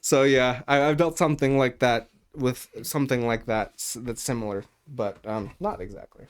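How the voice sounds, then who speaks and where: A man co-hosting a podcast, his voice smooth and clean. He tells stories in a loose, rambling way, peppered with ums and casual swearing. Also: mid-range voice, moderate pace. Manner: rambling storytelling, heavy on fillers and swearing. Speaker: podcast co-host. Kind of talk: casual chat.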